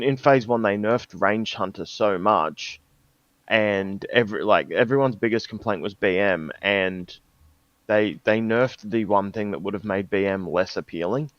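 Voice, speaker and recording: A man with a low voice speaks as a podcast guest. He hesitates often and restarts his sentences. His mic sounds dull and dry, like a cheap headset. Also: no room sound. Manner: hesitant, many ums and restarts. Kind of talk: casual podcast chat.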